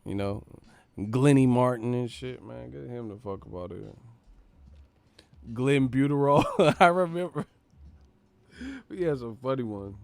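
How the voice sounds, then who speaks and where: A man's voice: mid-range voice, expressive, normal speed, gravelly, pauses often. A man hosting a live stream, chatting in a loose, profane, joking way and laughing often. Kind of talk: casual live-stream chat. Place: streaming setup with several cameras.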